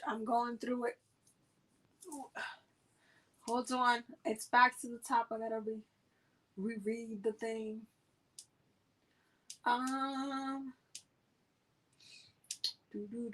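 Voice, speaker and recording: A woman with a high voice hosts a casual livestream oracle card reading. Her tone is bright and sharp. She chats loosely and slangily, looping back over her words as she goes. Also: level tone, slow pace, pauses often, low-quality recording. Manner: chatty and loose, slangy, many fillers and repeats. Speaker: oracle card reader hosting a live reading. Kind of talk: casual livestream chat during card pulls.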